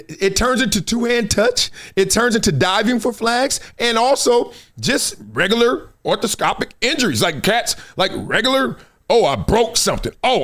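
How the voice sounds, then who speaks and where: A man hosting a live stream, talking in an animated, emphatic storytelling way. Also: high-pitched. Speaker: show host.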